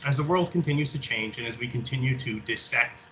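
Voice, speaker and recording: A soldier from Canada giving a halting, earnest talk and reading a prepared speech about remembrance. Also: male voice, mid-range voice, sharp tone, slight background noise, poor audio. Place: public library event room.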